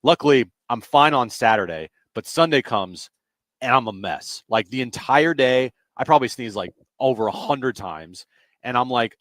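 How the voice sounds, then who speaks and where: A man co-hosting a sports radio show, telling a rambling story in casual chat and often trailing off quietly. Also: medium pitch, lively intonation, moderate pace, dry recording. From United States.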